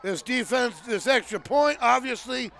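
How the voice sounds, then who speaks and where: A man calling a high school football game live as play-by-play announcer, often shouting with excitement over the plays. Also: measured pace, gravelly, slight background noise. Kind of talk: live sports commentary.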